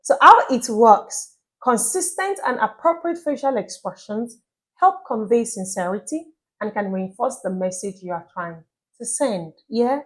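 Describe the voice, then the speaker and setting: A woman giving relationship tips in a casual vlog, chatty and lively, often checking in with the listener. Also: fairly high pitch, unhurried, slightly rough. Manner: chatty, asks listeners "you get my point?"; acts out little scenes with playful quoted voices. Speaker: relationship advice vlogger.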